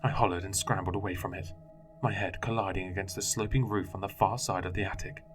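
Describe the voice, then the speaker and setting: Man, very deep voice, scripted horror narration, measured, faint music bed. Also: steady tone.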